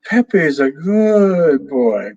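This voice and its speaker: Cheeky squawking storybook parrot, put on by a man, high and drawn out. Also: big pitch swings, very slow, darkish tone, lo-fi sound, full character voice. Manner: squawky repeating phrases. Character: cheeky male pet parrot, a mimic.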